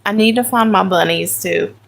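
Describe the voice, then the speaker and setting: A woman's voice: medium pitch, moderate pace, vocal fry. A woman with a country accent, chatting casually with viewers on a livestream while she sorts crayons. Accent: American country. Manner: chatty, talks to viewers by name, self-correcting. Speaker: livestream host. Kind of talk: casual live chat while sorting crayons.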